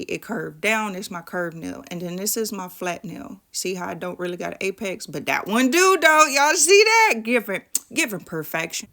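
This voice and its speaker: A woman's voice: medium pitch, vocal fry, fairly bright tone. A woman, chatting playfully to viewers while doing her nails, pregnant and at ease. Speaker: nail tutorial vlogger. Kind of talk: casual tutorial chat.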